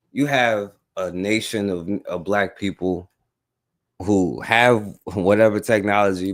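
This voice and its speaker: A man hosting a talk radio show, chatting loosely in slang with many fillers and restarts. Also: lowish voice. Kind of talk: casual radio chat.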